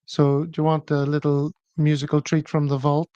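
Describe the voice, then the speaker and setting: A man's voice: fairly high pitch, monotone, moderate pace, mellow, clear, resonant tone, no room sound, highs cut off. Wry man hosting a chat show. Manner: wry and chatty. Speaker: podcast host.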